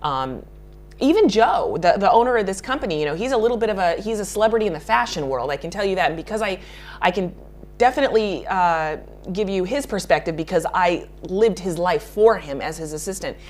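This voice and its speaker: A woman's voice: fairly low pitch, lively intonation, brisk, darkish tone. A woman makeup artist answering interview questions in a chatty way, laughing often and restarting her sentences.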